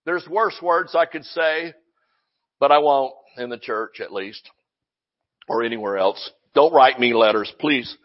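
A man preaching a sermon as pastor, fiery and loud, breaking into shouts and joking with the congregation. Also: medium pitch, a little slow, muffled recording.

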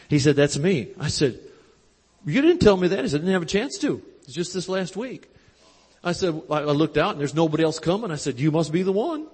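A man's voice: fairly high pitch, breathy edge. Folksy preacher man in a reverberant hall. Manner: folksy, animated storytelling with quoted dialogue. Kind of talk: storytelling sermon. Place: large church convention hall. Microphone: handheld mic. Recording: live hall recording with long reverb.

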